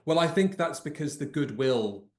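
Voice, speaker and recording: A British man co-hosting a casual podcast chat, talking in a measured, reflective way. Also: a little high, animated, a little mellow, reverberant. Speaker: podcast co-host.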